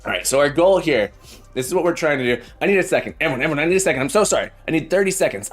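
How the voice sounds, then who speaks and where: A man's voice: fairly high pitch, expressive, racing. A middle-aged man hosting a casual live coding stream as a programming teacher, playful and punning, often repeating his phrases. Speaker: livestream host and programming teacher. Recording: faint background music.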